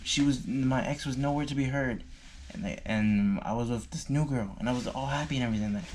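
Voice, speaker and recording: A man's voice: medium pitch, brisk, darkish tone, slight background noise. A young man telling a personal story in a loose, slangy way, full of fillers and swearing. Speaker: vlogger. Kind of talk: casual storytime.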